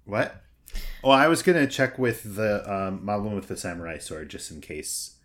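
A man playing in a tabletop game, wry and deadpan as he says what his character does. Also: lowish voice, moderate pace. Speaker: player. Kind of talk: tabletop role-play.

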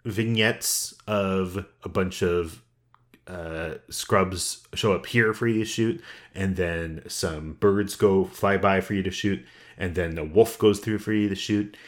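A man's voice: low-pitched, a bit bright. A man co-hosting a casual podcast chat, talking in a meandering way and often restarting his thoughts. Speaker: podcast co-host.

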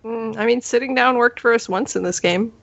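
A woman's voice: on the high side, fairly quick, a bit bright, dull audio, a little hiss or hum. A woman co-hosting a podcast, playing a game in playful casual chat. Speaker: podcast co-host, player.

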